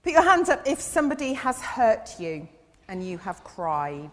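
A woman giving a gentle children's sermon in church, asking her listeners questions as she goes. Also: on the high side, sing-song, unhurried. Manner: gentle, asks the audience questions. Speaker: church speaker giving an all-age talk. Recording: long reverb in a big hall.

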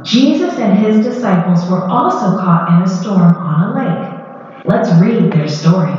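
Slow woman reading a children's story. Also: medium pitch, darkish tone. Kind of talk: children's Bible story narration. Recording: echoey hall, dull lo-fi.

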